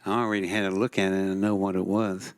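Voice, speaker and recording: A man's voice: deep voice, flat delivery, fast talker. A man telling wry, folksy stories on stage at an expo. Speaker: expo speaker. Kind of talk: storytelling on stage.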